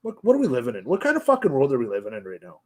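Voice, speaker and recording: A man's voice: medium pitch, wildly swooping pitch, rapid-fire, dark tone. A man hosting a casual podcast, ranting angrily and swearing heavily. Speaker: podcast host.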